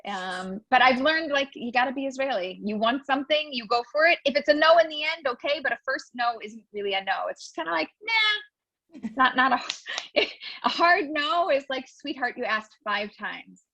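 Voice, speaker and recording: Mom in her 40s, animated storyteller, bit high voice, dull dry lo-fi sound. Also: brisk, no room sound. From United States. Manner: animated storyteller, acts out quotes. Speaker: guest, new immigrant. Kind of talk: casual interview chat.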